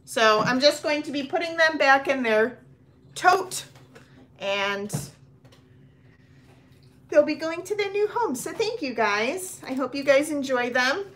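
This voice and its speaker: Bright-voiced woman co-hosting a live sale. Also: high voice, expressive, takes it slowly, pauses often. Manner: friendly, talks straight to viewers. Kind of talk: casual live selling chat.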